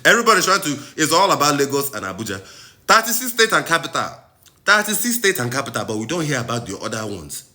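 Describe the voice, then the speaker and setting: A man's voice: on the high side, big pitch swings, quick pace, sharp tone. A Nigerian man hosting a passionate commentary vlog, talking in an impassioned, preachy way and repeating phrases for emphasis. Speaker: host.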